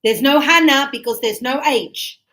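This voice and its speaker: A woman teaching English grammar in Sydney tells personal anecdotes and chats loosely with the class, often repeating words. Her voice sits high and is a bit bright, at a normal speed. The recording is rough.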